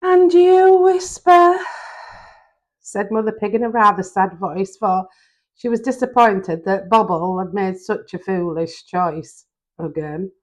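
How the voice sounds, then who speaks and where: A woman's voice: medium pitch, steady tone, a little slow. An older woman with a Yorkshire accent reading a children's story aloud, adding chatty homely asides.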